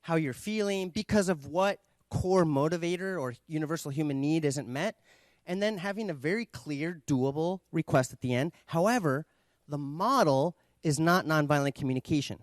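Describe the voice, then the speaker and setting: A man, a communication trainer, gives a measured, reflective talk with thoughtful pauses. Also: on the high side, no echo. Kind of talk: invited talk.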